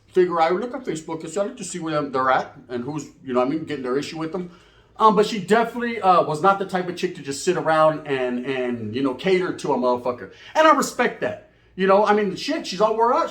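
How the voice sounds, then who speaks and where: A man's voice: sits high, a bit bright, roomy sound. A man telling a profane comic story in a rambling, casual way, switching into voices for the people in it.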